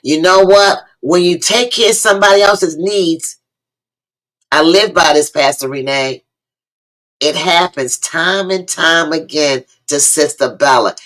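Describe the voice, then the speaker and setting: Bright-voiced woman hosting a preacherly livestream. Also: sits low, unhurried, rough recording. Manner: preacherly, calls out viewers by name and repeats lines for emphasis. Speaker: host of a live online talk show. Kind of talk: lively livestream talk to viewers.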